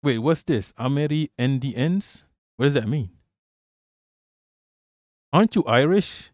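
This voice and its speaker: A man hosts a casual political livestream, reacting to chat bluntly and profanely and laughing along the way. He has a medium pitch, lively intonation and a slow pace, captured in a dry, studio-quality recording.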